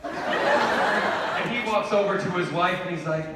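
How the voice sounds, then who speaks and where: A man's voice: high-pitched, unhurried, very noisy. A man telling a story to a convention panel audience, playful and theatrical, acting out the people in it. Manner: playful, theatrical, acts out the people in his stories. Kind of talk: animated storytelling to a live audience. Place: large convention hall. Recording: echoey hall, mic heard from far off.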